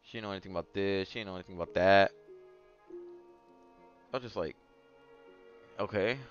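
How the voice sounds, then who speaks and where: A young man casually telling a dating story as a podcast host, moving between mumbled asides and loud outbursts. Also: deep voice, fairly quick, dull audio, faint music behind. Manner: animated, swings from mumbling asides to yelling bursts.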